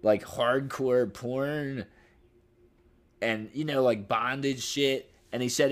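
A young man co-hosting a casual podcast in a mid-pitched voice. He is laid-back, laughs often and swears freely while telling stories. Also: fairly even intonation, takes it slowly. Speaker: podcast co-host. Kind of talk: casual chat.

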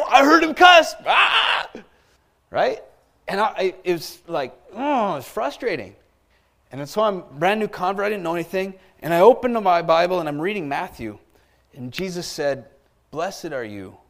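A middle-aged man preaching a sermon as a pastor, animated, with asides and calls for an amen. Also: fairly high pitch. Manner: animated preaching with asides and call-outs for amens.

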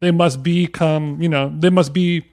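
A man's voice: on the high side, fairly even intonation, unhurried, a little mellow. A man hosting a podcast, easygoing, asking long looping questions in casual chat. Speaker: podcast host.

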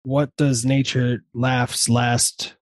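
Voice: medium pitch, flat delivery, very slow, no echo. A person co-hosting a casual chat show who rambles, laughs a lot and slips into mocking voices. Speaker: podcast co-host.

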